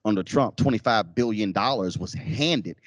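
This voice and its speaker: Male keynote lecturer, lively storyteller who voices other people's lines; close, dry mic. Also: fairly low pitch, normal speed, no room sound. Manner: animated, acts out quotes in shifting voices. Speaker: keynote speaker. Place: lecture hall.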